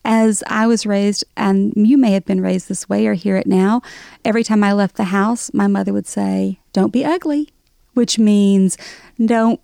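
Woman being interviewed on radio, laughs a lot, bit of vocal fry, dry studio sound. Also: medium pitch, normal speed, no room sound. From American South. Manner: animated, laughs often. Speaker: author guest.

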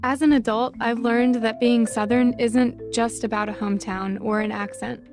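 Woman reading her essay, higher voice. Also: steady tone, moderate pace, music in the background. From North Carolina.

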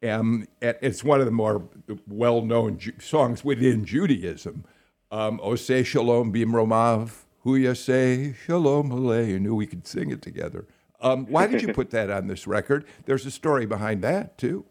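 A male radio host with a gravelly edge asks rambling, halting questions. His pitch swings up and down as he talks. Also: lively intonation, darkish tone. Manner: halting questions full of fillers and restarts. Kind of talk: radio interview.

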